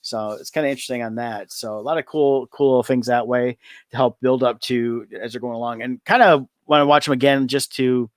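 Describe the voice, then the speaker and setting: A man's voice: mid-range voice, fairly even intonation, a little fast, no echo. A man co-hosting a casual talk show, rambling with many fillers and repeated words. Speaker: podcast co-host. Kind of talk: casual chat.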